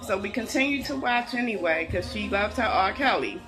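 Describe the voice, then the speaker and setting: A middle-aged woman telling a heartfelt personal story in an earnest, deliberate way. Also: mid-range voice, expressive, over music, poor audio. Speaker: vlogger. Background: a song playing softly.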